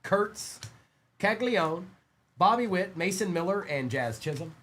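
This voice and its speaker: A man's voice: high voice, animated, measured pace, fairly bright tone, a little hiss or hum. A man hosting a live-stream trading card break, chatting upbeat and casual while rattling off player names as he opens packs.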